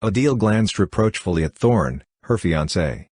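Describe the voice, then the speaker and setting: Deep husky male narrator, dry sound. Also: expressive, normal speed, darkish tone, no echo. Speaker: audiobook narrator. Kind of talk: scripted narration.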